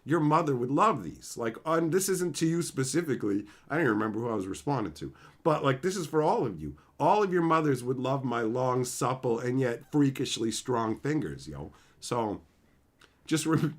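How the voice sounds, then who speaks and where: A man's voice: mid-range voice, very animated, normal speed. A young man hosting a livestream, ranting in a brash, profane, swaggering way. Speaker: livestream host. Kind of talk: casual livestream rant.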